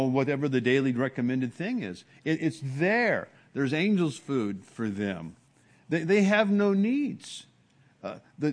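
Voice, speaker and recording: A man preaching an expository sermon in a conversational way, often restarting words and acting out hushed exclamations of awe. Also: mid-range voice.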